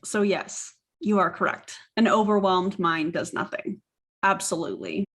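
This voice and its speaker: A woman's voice: medium pitch, normal speed, a bit bright. A woman hosting casual reaction commentary, skeptical and sarcastic in her asides. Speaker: commentary host.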